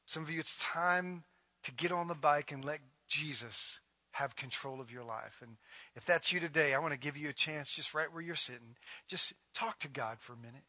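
A middle-aged man preaching a sermon as a pastor, building to loud, emphatic declarations and then easing into a soft, guided prayer. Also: on the high side, normal speed, dry recording.

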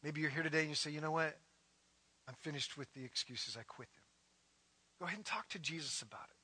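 A middle-aged man preaching a sermon as a pastor, building to loud, emphatic declarations and then easing into a soft, guided prayer. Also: a little high, quick pace, pauses often, over music.

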